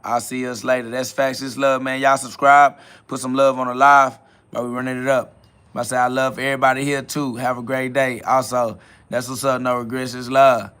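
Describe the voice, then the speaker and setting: A man's voice: mid-range voice, a bit bright, clear, resonant tone. A man hosting a live stream, answering chat questions in a preachy, blunt way, with casual slang and quoted Bible verses. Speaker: livestream host.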